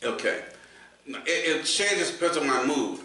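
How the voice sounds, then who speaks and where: A man's voice: on the high side, lively intonation, measured pace, pushed and bright. A man, hosting a casual podcast chat, rambling and restarting often. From New York. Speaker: podcast host. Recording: echoey room, from a distance, faint noise.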